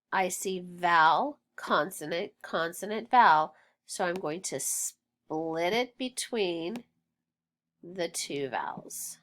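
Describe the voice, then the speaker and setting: A woman teacher leading a phonics lesson for young children, sounding out words slowly and deliberately. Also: on the low side, a bit bright. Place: home, recording alone.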